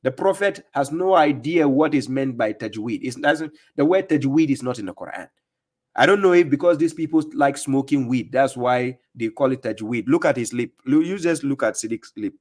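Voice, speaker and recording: A man's voice: medium pitch, expressive, normal speed, a little mellow. A man hosting a livestream, giving mocking, sarcastic religious commentary on video clips he plays. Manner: scornful, sarcastic, lecturing. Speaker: livestream host reacting to clips.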